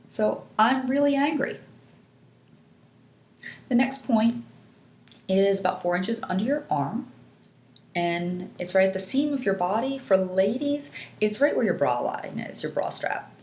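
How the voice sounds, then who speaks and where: A woman with a mid-range voice leads a guided lesson, calm and patient, explaining each step clearly. Her voice rings out with noticeable room echo. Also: mid-range voice, a little hiss or hum. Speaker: EFT tapping instructor. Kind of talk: guided instructional demonstration. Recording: echoey room.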